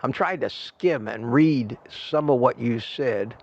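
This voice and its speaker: A man's voice: medium pitch, slow, lo-fi sound. An older man hosting a casual livestream, reading the chat aloud and thanking viewers in a rambling, friendly way. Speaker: livestream host. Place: home desk at a computer.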